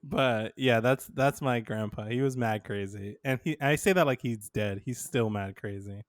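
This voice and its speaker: Studio-quality, dry audio captures a man's mid-range voice at normal speed. As a podcast co-host in casual talk, he tells stories with animation, laughs often, and acts out the lines he quotes.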